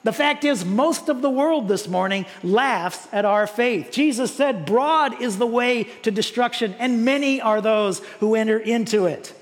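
A man preaches to his congregation, chatty and animated, doubling back on his words. His voice rings out with the long reverb of a large church hall. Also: extremely high pitch, a little slow, few pauses. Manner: animated, conversational preaching with repeated words and rhetorical questions. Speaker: pastor. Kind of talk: sermon.

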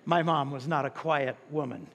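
A man preaching a sermon as pastor, with animated delivery and drawn-out emphasis on key words. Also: fairly high pitch, creaky. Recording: long reverb in a large hall.

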